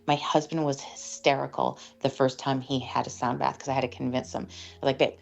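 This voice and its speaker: A woman's voice: extremely low pitch, fairly quick, gravelly, highs cut off. A woman working as a sound practitioner, chatting in an interview and acting out dialogue as she tells stories. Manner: animated storyteller, acts out quoted dialogue. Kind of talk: casual interview talk.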